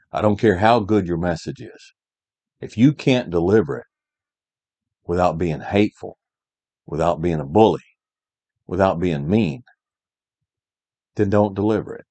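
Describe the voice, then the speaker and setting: A man's voice: low voice, dark tone. A middle-aged man giving a motivational talk to young men, emphatic, repeating key phrases and checking in with "all right?". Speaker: podcast host giving life advice.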